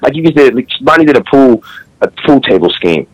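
A battle rapper talking shop in a loose podcast conversation, slangy and animated, now and then reciting his own bars. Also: mid-range voice, fairly quick, poor audio. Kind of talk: casual podcast chat.

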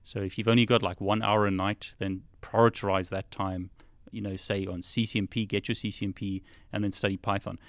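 A man's voice: lowish voice, little pitch movement, fairly quick, no room sound, clean studio sound. A man co-hosting a live stream, giving plain-spoken advice on study time. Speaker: co-host.

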